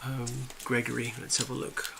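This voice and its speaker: A man's voice: mid-range voice, monotone, normal speed, vocal fry, background noise. A man hosting a casual live stream, greeting viewers by name and rambling in a friendly, chatty way while he sets up at home. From USA. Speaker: livestream host. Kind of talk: casual live chat reading viewer comments.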